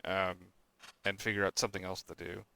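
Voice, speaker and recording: A man's voice: deep voice, little pitch movement, brisk, vocal fry, bright, forceful tone. A young man co-hosting a podcast, chatting casually and ranting with frequent swearing and exasperated outbursts. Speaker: podcast co-host. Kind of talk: casual chat.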